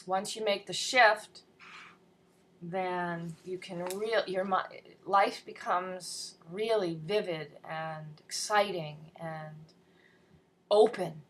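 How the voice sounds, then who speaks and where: A woman's voice: mid-range voice, fairly bright tone. A woman leading a casual morning video lesson from home, talking earnestly into her camera with many ums and some whispered asides. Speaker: spiritual study leader. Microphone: built-in camera mic.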